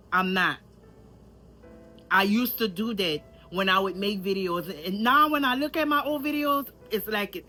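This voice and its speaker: Louisiana country lady just talking to the camera, bright voice, chatty, soft music under it. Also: mid-range voice. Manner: candid, chatty, repeats herself, addresses viewers directly. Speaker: vlogger. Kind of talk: casual vlog talk to camera.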